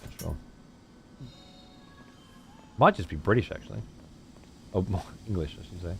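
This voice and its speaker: A man's voice: deep voice, animated, unhurried, vocal fry, long pauses, husky. A man streaming a game, chatting casually and swearing freely while answering his chat. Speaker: let's play streamer. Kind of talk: casual gameplay commentary.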